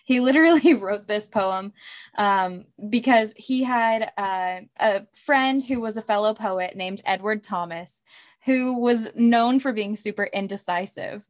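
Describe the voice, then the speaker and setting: A woman's voice: mid-range voice, measured pace. A woman co-hosting a podcast, talking casually about a poem with lots of "like" and "um" fillers. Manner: chatty, many "like" and "um" fillers, laughs often. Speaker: podcast co-host. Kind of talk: casual literary discussion.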